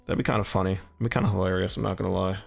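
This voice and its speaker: A man casually chatting on a livestream while painting miniatures, quietly thinking aloud as he works. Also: low voice, fairly even intonation, rapid-fire, creaky. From Southern US (Alabama family). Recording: soft background music.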